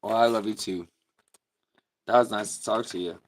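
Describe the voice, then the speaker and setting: A man's voice: on the low side, steady tone, moderate pace, a little hiss or hum. A man hosting a casual livestream, chatting laid-back with viewers and laughing often. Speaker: livestream host. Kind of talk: casual livestream chat reading comments.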